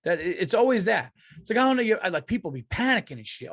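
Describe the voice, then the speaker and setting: A man's voice: high-pitched, animated, quick pace, fairly bright tone, no room sound, clean studio sound. A middle-aged man hosting a podcast, giving a blunt, profane, earnest pep talk in casual monologue. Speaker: podcast host.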